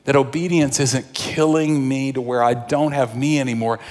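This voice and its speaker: A male pastor preaching a sermon, swinging between fervent outbursts and hushed, intimate pleas. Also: medium pitch, fairly even intonation, normal speed. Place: church sanctuary. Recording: long reverb of a large hall.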